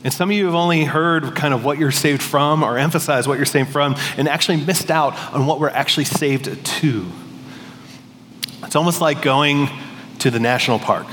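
A man's voice: a little high, moderate pace, fairly bright tone. A man preaching a sermon in a conversational, storytelling way, with frequent restarts. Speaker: pastor. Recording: long hall reverb, faint noise.

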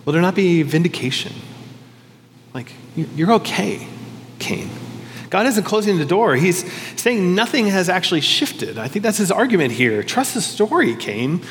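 A man's voice: sits high, sing-song, normal speed, big-room sound, a little hiss or hum. A male pastor preaching a sermon in a conversational, reflective way, often questioning himself aloud.

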